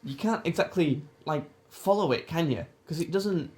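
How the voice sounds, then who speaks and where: A man's voice: on the high side, expressive, moderate pace, a little mellow. A young man from England hosting a casual podcast, teasing his friend and laughing often. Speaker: podcast host. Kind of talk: casual chat.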